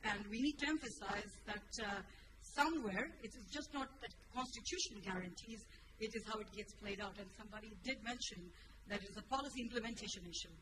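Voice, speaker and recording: A woman from a UN office giving reflective, emphatic remarks from the floor at a conference in a hotel hall, with halting restarts. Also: mid-range voice. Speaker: audience participant from a UN office. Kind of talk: spontaneous remarks at a launch event. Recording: noisy conference hall ambience.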